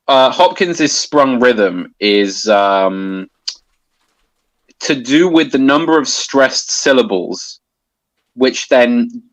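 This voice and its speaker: A man's voice: mid-range voice, fairly bright tone, no room sound, low-quality recording. A man explaining a topic in casual conversation, hesitant with many restarts and fillers. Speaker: guest explaining poetry.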